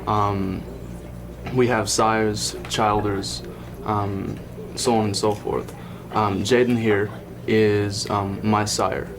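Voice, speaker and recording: A young man with a Kentucky accent talks hesitantly, stopping often on fillers. His voice is low and flat, from a noisy archive documentary clip. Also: slow. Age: young adult. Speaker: documentary interviewee.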